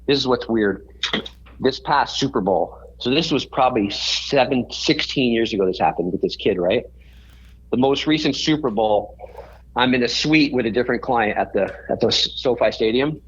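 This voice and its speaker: A man with a husky, slightly rough voice tells a story as a podcast guest. He rambles and restarts his sentences as he goes. The recording sounds a little dull and lo-fi. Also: mid-range voice, normal speed. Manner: rambling, self-correcting storyteller.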